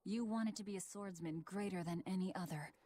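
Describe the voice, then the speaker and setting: An actress playing a frank young female companion in a game, talking in a calm, direct way. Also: medium pitch, fairly quick, lightly acted. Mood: firm.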